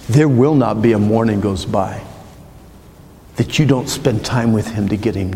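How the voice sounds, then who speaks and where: A middle-aged man preaching a sermon, telling a personal story in an earnest, emotional, halting way and ending in prayer. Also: mid-range voice, creaky, a little mellow. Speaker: pastor. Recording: long reverb of a large hall.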